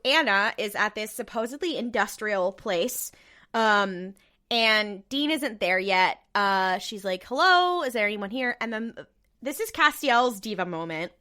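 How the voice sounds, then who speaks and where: A woman's voice: mid-range voice, expressive, a little slow, sharp tone. A young woman co-hosting a casual podcast, recapping a TV episode in a rambling way, laughing often and acting out the characters' lines. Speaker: podcast co-host.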